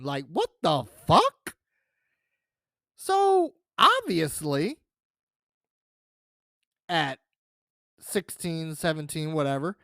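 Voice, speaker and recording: Rambling, profane man telling a story, slow and lively. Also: a little high, no echo, studio quality. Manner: rambling, profane, with many fillers and restarts. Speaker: podcast host. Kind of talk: casual comic storytelling.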